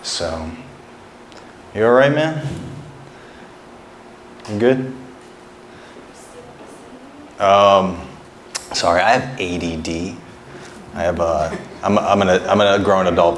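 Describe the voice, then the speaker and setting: Speaking in a deep voice, this male comic works a small club stage in front of a live crowd, stumbling over restarts as he meanders through absurd bits on a handheld mic. The recording has a roomy live-club feel with slight hiss or hum.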